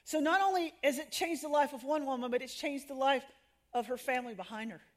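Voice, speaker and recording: A middle-aged woman speaks high in her range, giving a sermon to a room of women. She tells her stories with animation, laughs at herself, and puts on the voices of the people she quotes. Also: fairly quick.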